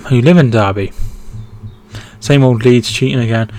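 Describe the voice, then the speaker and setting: Chatting casually while hosting a live football watchalong, this man reads out viewer comments and reacts to the action. His voice is medium in pitch and darkish in tone, at a moderate pace.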